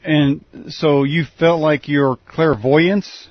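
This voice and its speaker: A man's voice: fairly high pitch, steady tone, slow, dry recording. A male host asking wry, teasing questions and giving short acknowledgements. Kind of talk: casual interview. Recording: dull lo-fi sound.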